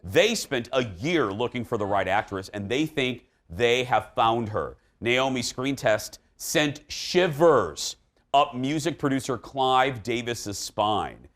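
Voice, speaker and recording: A man hosting an entertainment talk show, chatting casually with an animated, joking and emphatic manner. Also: mid-range voice, slow pace.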